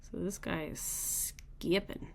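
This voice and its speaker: A woman's voice: fairly low pitch, steady tone, slow pace, creaky, a little mellow, slight background noise. A woman hosting a daily weather radar show, thinking aloud in casual, rambling commentary as she looks at the maps.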